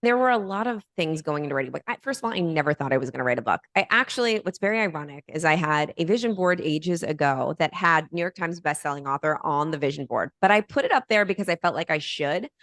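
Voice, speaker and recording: Low-voiced woman telling a story, dry sound. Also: fast, few pauses, no echo. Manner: animated, lively storytelling. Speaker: podcast guest, author. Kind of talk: storytelling in conversation.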